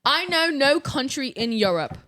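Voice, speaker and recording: A woman's voice: high voice, sing-song, a little slow, sharp tone, pitched above the performer's own voice, heavily acted. A woman doing a playful, exaggerated fake British accent during a casual chat. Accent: put-on British. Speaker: podcast co-host.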